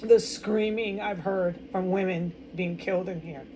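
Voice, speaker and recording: A woman's voice: fairly low pitch, fairly even intonation, measured pace, noisy background. An American woman in a distraught, rambling personal monologue, stumbling over words and swearing often. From United States. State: upset and distraught. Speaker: vlogger.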